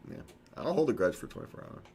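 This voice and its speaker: A man's voice: on the low side, big pitch swings, very fast, a little mellow, a little hiss or hum. A man co-hosting a casual talk show, rambling and correcting himself, chuckling often. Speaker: podcast co-host. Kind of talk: casual chat.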